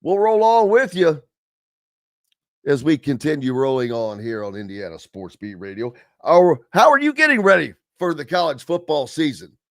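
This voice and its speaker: A man's voice: mid-range voice, big pitch swings, moderate pace, hardly any pauses, a bit bright, dry recording, clean studio sound. A man hosting a sports talk radio show, chatting casually in a rambling way and reading listener comments aloud.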